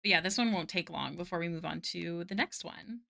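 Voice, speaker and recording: A woman's voice: lowish voice, fairly quick, creaky, pushed and bright. A woman streaming her drawing live, chatting casually and answering her chat with lots of "like" fillers. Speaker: art streamer.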